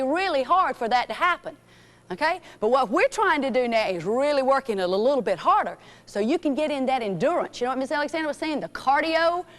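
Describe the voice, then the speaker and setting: A woman teaching a children's fitness class in a gym, encouraging and calling out names and commands. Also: high voice. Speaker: physical education teacher.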